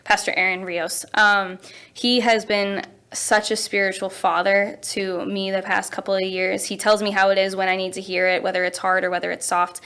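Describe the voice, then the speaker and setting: A woman's voice: moderate pace, clean tone. A woman in her twenties, a youth pastor and teacher, telling stories in a casual interview and acting out quotes with big jumps in her voice. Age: 20s. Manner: animated, acts out quotes with big pitch jumps.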